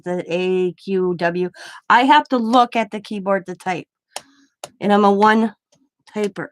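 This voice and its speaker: A woman's voice: mid-range voice, slight background noise. A middle-aged woman hosting a crafting livestream, chatting in a rambling, self-deprecating way while she works. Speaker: craft channel host.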